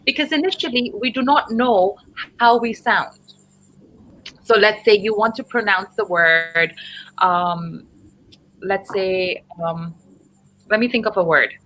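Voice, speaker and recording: A woman teacher runs a live online English lesson, explaining chattily and checking in often with "right?" and "okay?". Her voice is bright and clear, at a middle pitch. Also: slow pace, pauses often, poor audio. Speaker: teacher hosting a live call.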